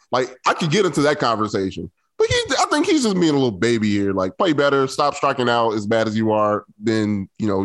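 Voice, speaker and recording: A man co-hosting a casual sports talk show, giving blunt and emphatic opinions. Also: mid-range voice.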